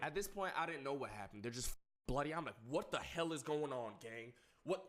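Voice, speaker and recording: A young man telling a chaotic personal story to viewers, swearing often and swinging between low recounting and laughing outbursts. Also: lively intonation, a little fast, a bit bright. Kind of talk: animated storytelling with heavy swearing.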